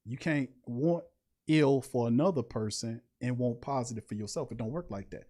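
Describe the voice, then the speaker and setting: A man hosting a podcast in a casual livestream monologue, preachy and emphatic, with slangy talk and sudden high-pitched emphasis. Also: moderate pace, mellow. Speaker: podcast host.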